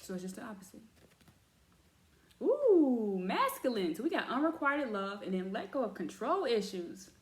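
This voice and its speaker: A woman's voice: on the high side, moderate pace, reverberant, slight background noise. Chatty woman reading oracle cards. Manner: chatty, animated, addresses viewers as y'all. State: has cramps. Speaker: tarot reader. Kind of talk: casual oracle card reading.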